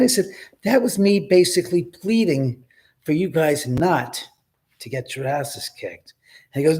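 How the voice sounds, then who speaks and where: Male livestream host, slightly higher voice, rambling and profane, phone-filmed at home. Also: a little slow. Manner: rambling, profane, animated storyteller. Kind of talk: casual livestream storytelling. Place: his own house, indoors.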